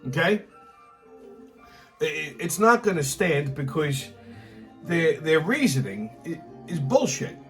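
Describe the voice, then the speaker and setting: A man hosts his own political commentary show, delivering a profane monologue in an angry, emphatic rant where he repeats himself and swears constantly. His voice is on the high side and sing-song, slow, with frequent pauses. Faint music plays behind him.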